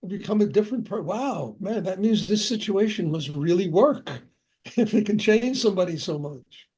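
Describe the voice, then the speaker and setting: With a high-pitched, expressive voice that's a little mellow and husky, an older spiritual teacher speaks at normal speed in a Q&A session. He's chatty and anecdotal, laughs often and frequently says "you know."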